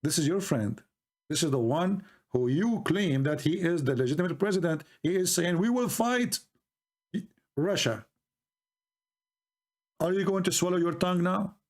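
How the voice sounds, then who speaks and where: A man from the Middle East with a high voice for a man, hosting a heated debate. He mocks his opponent, jumps into folk stories and speaks animated, broken English. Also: a little fast. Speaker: debate host. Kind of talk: argumentative debate talk.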